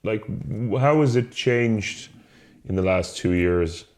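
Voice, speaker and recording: A man co-hosting a casual podcast chat, talking quickly in a rambling way and laughing often. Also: on the low side, darkish tone. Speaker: podcast co-host. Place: North Clare, Ireland.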